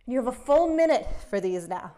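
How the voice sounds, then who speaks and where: A woman's voice: on the high side, very animated, a little fast, mellow. A young woman, out of breath, coaching a follow-along kettlebell workout and counting down reps with encouragement. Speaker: fitness instructor.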